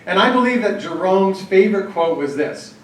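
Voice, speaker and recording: Recorded on a distant mic in an echoey hall with faint ambience and slight hiss or hum, a workshop speaker on church planning addresses a live group. His voice is high-pitched and animated at a moderate pace; he tells anecdotes, leads an exercise, and often uses fillers and restarts.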